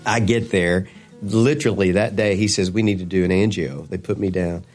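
A man with a lowish voice recounts a story as an interview guest. He jumps into animated voices for the people he quotes, with faint music under him. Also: moderate pace. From Kentucky. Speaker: gospel singer guest.

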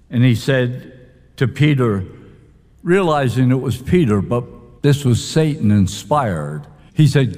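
Male preacher, unhurried, highly expressive delivery, long hall reverb. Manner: animated, emphatic preaching with dramatic pauses. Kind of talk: sermon.

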